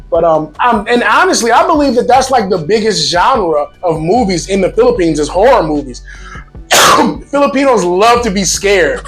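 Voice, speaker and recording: A man hosting a casual vlog, talking to viewers in a lively, joking way with emphatic asides. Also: high-pitched. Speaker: vlog host.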